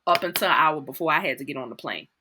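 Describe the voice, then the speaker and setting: A woman's voice: low-pitched, very fast, sharp tone, a little hiss or hum. A middle-aged woman with a New Orleans accent, telling stories as a guest in a casual interview, acting out quotes and laughing often. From New Orleans, USA. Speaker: guest actor.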